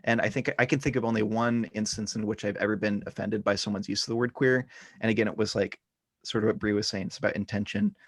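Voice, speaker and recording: A man's voice: lowish voice, steady tone, fast, husky, no room sound, clean studio sound. A man speaking as a podcast guest in a casual roundtable discussion, tired and rambling, with many restarts.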